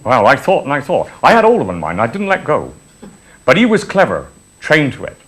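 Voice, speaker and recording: A man's voice: medium pitch, wildly swooping pitch, a little fast, a bit bright, slightly rough. A man, telling an old reminiscence in broad dialect with chuckles. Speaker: storyteller. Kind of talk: spoken reminiscence, folk tale.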